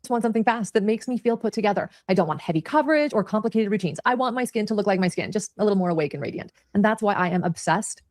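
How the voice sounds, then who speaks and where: Brisk woman co-hosting a podcast. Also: medium pitch, lively intonation, darkish tone, dry recording, clean studio sound. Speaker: true crime podcast co-host. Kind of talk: podcast chat and read ad.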